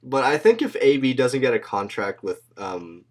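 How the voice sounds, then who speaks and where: A man's voice: mid-range voice, animated, normal speed, darkish tone, slight background noise. A man hosting a podcast in loose, slangy casual chat, swearing freely and laughing often. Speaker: podcast host.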